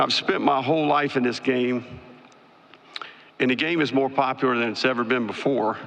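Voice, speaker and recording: A man who is a college football head coach giving a measured opening statement at a press conference. He lists his points one by one, with a few "you know" fillers. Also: mid-range voice, creaky, a bit bright. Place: large conference hall at a media event. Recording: long hall reverb.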